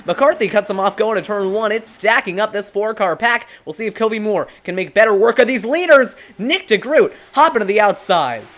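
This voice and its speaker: Brisk lead sim racing commentator. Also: mid-range voice. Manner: brisk steady play-by-play, names drivers and positions.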